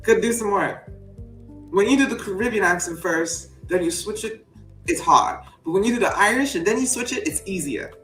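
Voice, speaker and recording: A woman hosting a casual live show, playful and quick to laugh. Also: medium pitch, lively intonation, fairly bright tone, recorded from a distance. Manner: playful, laughs often, jumps between accents. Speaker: host. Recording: echoey room with faint music.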